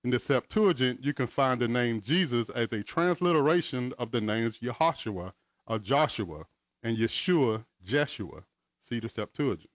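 A man's voice: mid-range voice, lively intonation, normal speed, dry recording. A man giving a conversational Bible teaching over a video call, reading verses with casual asides. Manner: casual, asides and chuckles between scripture readings.

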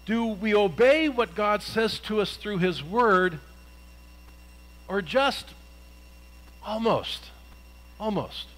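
A man's voice: sits high, slow pace, pauses often, a bit bright, poor audio. A male pastor giving a conversational sermon, retelling a Bible story and asking his congregation questions.

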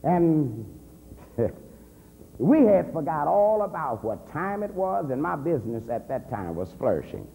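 A man, an assistant pastor, telling his conversion story as a convention sermon, swinging from a low murmur to heated near-shouts. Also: very animated, unhurried, gravelly. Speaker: minister giving testimony. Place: large convention hall. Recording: reverberant hall with faint hum.

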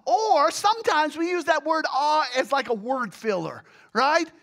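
A pastor preaching a sermon, swinging from hushed, low passages to loud exclamations and acted groans. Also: animated, unhurried. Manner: illustrates with everyday examples and acted groans.

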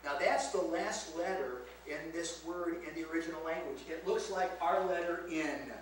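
High-voiced preacher in an echoey church. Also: male voice, moderate pace. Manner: teacherly, asks the congregation rhetorical questions. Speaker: pastor teaching a Bible lesson. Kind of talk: sermon. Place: church sanctuary. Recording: very echoey church, mic far off, faint hiss.

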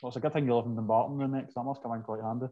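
A man with a Scottish accent, bantering in animated, sweary, casual podcast chat. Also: mid-range voice, racing. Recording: dull, lo-fi sound.

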